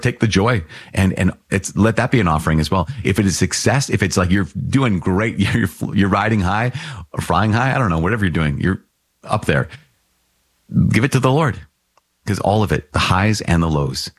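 A man's voice: sits low, breathy edge, no room sound. A man, a priest, giving an earnest, conversational homily with playful asides. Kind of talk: podcast homily.

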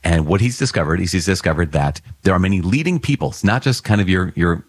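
A man with a deep, slightly husky voice gives an earnest Bible reflection in a relaxed, conversational way. He explains the reading like a patient teacher and often checks that his listeners are following. The recording is close and dry, with no room sound. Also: a little fast, dry recording. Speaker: priest.

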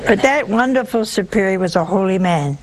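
A woman's voice: medium pitch, lively intonation, a little fast, over a noisy crowd, poor audio. A woman with a sore throat telling an audience the story of a saint, breaking in with homely, humorous asides. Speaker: religious storyteller.

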